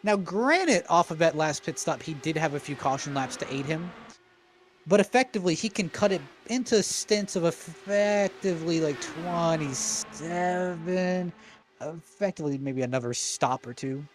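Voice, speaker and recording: A male color commentator with a slightly higher voice, working through race strategy out loud in an analytical way. He leans on the same words as he reasons. A faint noise hangs behind him. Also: moderate pace. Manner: analytical, repeats "effectively". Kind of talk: live racing analysis.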